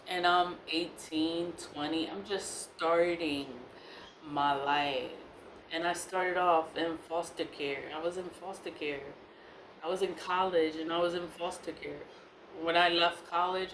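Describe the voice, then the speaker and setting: A woman telling a personal story in casual talk, animated and exasperated, repeating her phrases and laughing between lines. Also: on the low side, unhurried. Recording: echoey room with faint hiss.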